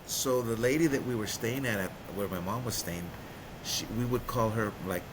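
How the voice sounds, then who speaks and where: A man earnestly telling his personal story of recovery in a conversation, going quiet at the heavy parts. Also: moderate pace. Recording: vehicle rumble behind.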